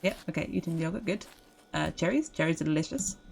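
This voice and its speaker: A woman's voice: low voice, lively intonation, fast talker, gravelly, a little mellow, slight background noise. A woman streamer giving casual, giggly commentary while playing a game, chatting to the enemies on screen. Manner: giggly, chatty, talks to zombies.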